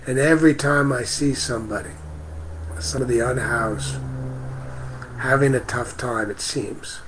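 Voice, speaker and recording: Slow, gentle man on a spiritual livestream. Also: medium pitch, a little hiss or hum, low-quality recording. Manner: slow, gentle, reads out viewer comments. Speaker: livestream host. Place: outdoors near a parking lot.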